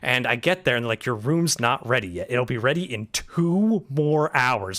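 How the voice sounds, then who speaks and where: A man's voice: mid-range voice, expressive, moderate pace, a bit bright. A young man in casual chat, ranting through a story with swearing and acting out both sides of the exchanges. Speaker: streamer telling a travel story.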